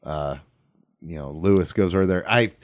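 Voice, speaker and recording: A man's voice: deep voice, moderate pace. A man co-hosting a casual movie podcast, joking crudely and laughing often. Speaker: podcast co-host.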